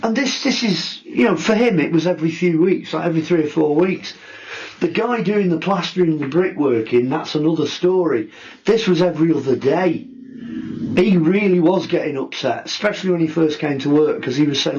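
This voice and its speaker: A middle-aged man telling a ghost story in a casual interview, animated and acting out the people he quotes. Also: on the high side, brisk. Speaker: guest storyteller. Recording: dull lo-fi recording.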